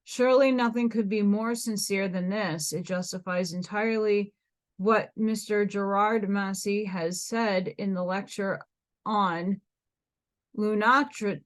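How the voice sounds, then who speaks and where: A woman's voice: medium pitch, steady tone, measured pace. An American woman reading a dense old book aloud, stumbling over hard words and restarting them. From United States. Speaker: reader.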